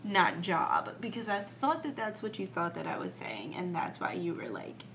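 A woman co-hosting a podcast in casual chat, playful and quick to laugh. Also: lowish voice, sing-song, a bit bright, slight background noise. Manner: playful, laughs often, sings snippets. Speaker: podcast co-host.

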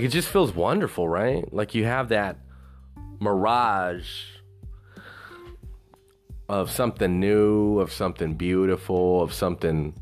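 A man talking casually about a movie in a rambling monologue, swearing freely and filling gaps with "you know" and "like". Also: deep voice. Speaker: movie reviewer.

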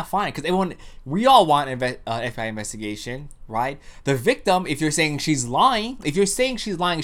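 A man in his thirties co-hosting a casual podcast, telling stories with lots of swearing and acted-out quotes. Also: a little high. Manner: animated storytelling, acts out quotes, swears a lot. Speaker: podcast co-host. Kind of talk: casual profane chat.

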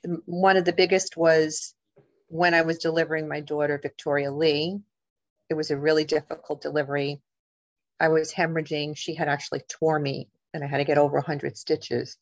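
A middle-aged woman, a guest author and paranormal investigator, telling a personal story in an animated, emotional way, acting out the voices of the people in it. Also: sits low, brisk, dry recording, muffled recording. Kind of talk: storytelling in a podcast interview.

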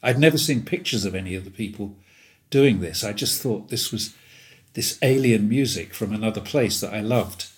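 A man's voice: on the low side, normal speed. An older English man in his seventies, a guest telling stories in a rambling, amused way and laughing often. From England. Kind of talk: casual chat.

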